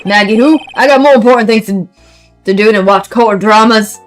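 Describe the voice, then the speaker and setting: A woman's voice: a little high, soft background music, lightly acted. A woman reading a brash male thug from a courtroom game with a put-on Brooklyn accent. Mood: gruff. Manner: brash, bullying, fast. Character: gruff loud male thug with fake Brooklyn twang.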